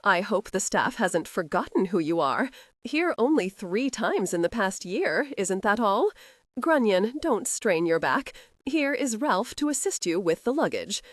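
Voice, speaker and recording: A woman's voice: medium pitch, big pitch swings, unhurried, dry recording. Brief: cheerful, teasing older nobleman read by a woman narrator, audiobook, dry close sound. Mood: jovial. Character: jovial older male nobleman, hearty and brisk.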